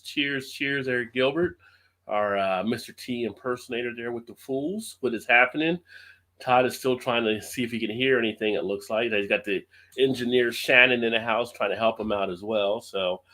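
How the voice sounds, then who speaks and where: Upbeat male live-stream host, bright, cheerful, talks to his webcam from home. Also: medium pitch. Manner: upbeat, greets viewers by name, laughs often. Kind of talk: casual live stream chat. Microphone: webcam close up.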